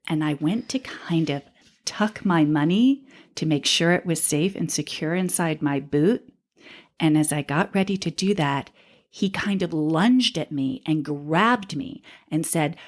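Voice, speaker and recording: Woman podcast co-host, slightly low voice, relaxed storyteller who reads an account aloud. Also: measured pace. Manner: reads a transcribed story aloud, laughing easily. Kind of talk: casual storytelling chat.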